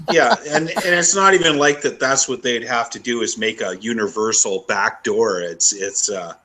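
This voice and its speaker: A man's voice: mid-range voice, unhurried, bright, forceful tone. A man co-hosting a casual podcast discussion, blunt and indignant.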